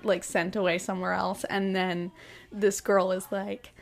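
A woman co-hosts a laid-back podcast, speaking at an unhurried pace. She retells scenes with playful little impressions of each character, keeping the tone chatty and relaxed. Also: mid-range voice, gravelly. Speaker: podcast co-host. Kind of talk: casual film recap chat.

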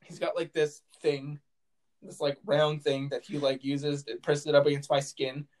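A man's voice: a little high, flat delivery, moderate pace, darkish tone. A young man telling a rambling story in casual chat, laughing often and full of fillers and restarts.

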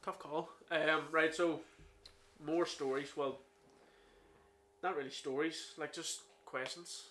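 Bright-voiced Northern Irish young man. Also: a little high, steady tone, takes it slowly, long pauses. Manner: jokey, chatty, tangents with fillers. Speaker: podcast host. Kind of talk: casual chat.

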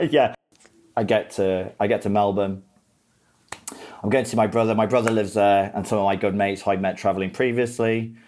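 A young man with a fairly low voice is telling a wild travel story in a loose, casual podcast chat. He laughs and swears his way through it and often trips over his own words as he restarts sentences. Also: fairly even intonation, moderate pace, long pauses, darkish tone.

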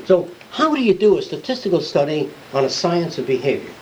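A man's voice: fairly high pitch, sing-song, a little fast, highs cut off. A man giving an unscripted classroom lecture, blunt and rambling, swearing and acting out the people he quotes. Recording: old lecture tape with hiss.

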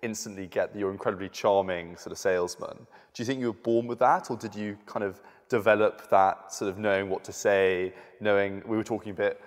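Low-voiced student interviewer, stumbling questions, echoing hall. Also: male voice, steady tone, fairly quick, hardly any pauses. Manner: hesitant, repeats words before asking. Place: debating hall. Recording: long hall reverb.

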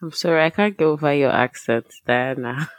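A woman's voice: low voice, a little fast, dry recording. A woman co-hosting a casual podcast chat, laid-back and often giggling. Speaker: podcast co-host.

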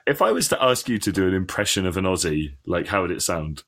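Husky low-voiced man, mocking banter. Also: animated, a bit bright. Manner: mocking banter, quick to laugh. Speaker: co-host. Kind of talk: casual gaming chat.

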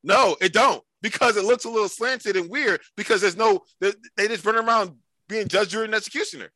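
A man's voice: high voice, brisk, bright, forceful tone, no room sound, rough recording. A man co-hosting a podcast, arguing animatedly in casual chat and repeating himself to make his point. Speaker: podcast co-host.

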